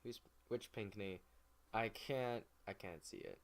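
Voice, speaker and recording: A man's voice: on the low side, unhurried. A man giving a rambling, profane, jokey casual recap of history, losing his place now and then. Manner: rambling, profane, jokey, slips into mock voices. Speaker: comedic history narrator.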